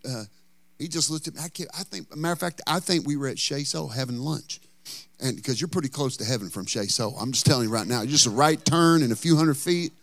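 Animated preaching man, dry close sound. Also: fairly high pitch, no echo. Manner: animated preaching, folksy asides and humor. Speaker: pastor. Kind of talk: sermon.

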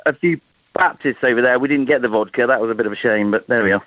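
A man's voice: medium pitch, quick pace, no echo. A man calling in to a radio talk show, chatting easily but hesitantly, stammering and restarting his words. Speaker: phone-in caller. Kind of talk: casual phone chat. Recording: dull phone line.

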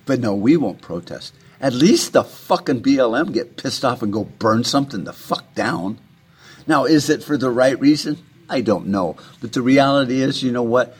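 A man's voice: mid-range voice, lively intonation, moderate pace, husky. A man delivering an impassioned, rambling political rant, heated and full of profanity.

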